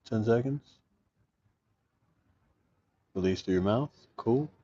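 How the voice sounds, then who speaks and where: A man's voice: mid-range voice, slow pace, warm tone, dry recording, dull audio. A man vlogging casually outdoors, telling a rambling, profane story and often restarting his sentences. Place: outdoors in an urban jungle, sleeping rough.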